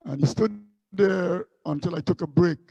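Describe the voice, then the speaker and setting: A man's voice: high-pitched, moderate pace, dark tone, slightly rough, no room sound, muffled recording. A man from Guyana, a street musician recalling his busking days in a loose, rambling way. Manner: rambling anecdotes with many restarts. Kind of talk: casual storytelling interview.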